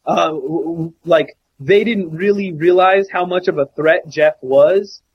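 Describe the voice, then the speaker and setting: Brief: male podcast co-host, animated profane storyteller, higher voice, dead-dry lo-fi recording. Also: a little slow, slightly rough, no echo. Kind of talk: casual storytelling chat.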